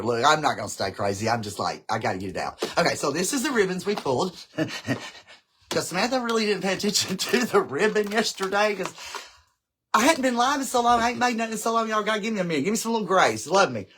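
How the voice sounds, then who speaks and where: A man's voice: high voice, big pitch swings, fast talker, fairly bright tone, a little hiss or hum, low-quality recording. Chatty man. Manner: chatty, rambling, talks straight to viewers. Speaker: craft livestream host. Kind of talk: casual livestream craft tutorial.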